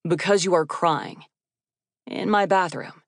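A woman voicing a tall man with crisp, precise consonants and a dry, deadpan manner. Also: lowish voice, unhurried, dry recording. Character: tall deep-voiced man, dry and exacting.

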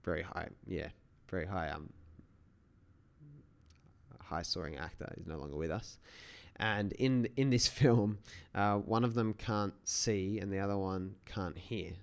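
A man's voice: deep voice, unhurried, gravelly, clean tone. A man hosting a solo podcast, talking in a casual, rambling way with many restarts. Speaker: podcast host.

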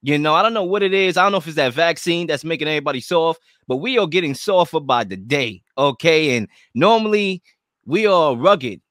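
A man's voice: a little high, lively intonation, brisk, a bit bright, no echo, clean studio sound. A man hosting a sports talk show, hyping up segments like a showman. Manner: hype, showman-like.

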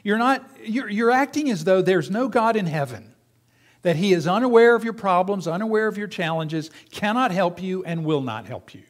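A man delivers a sermon to his congregation in a fairly high voice. He keeps it conversational, putting questions to the room as he teaches. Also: normal speed. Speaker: pastor.

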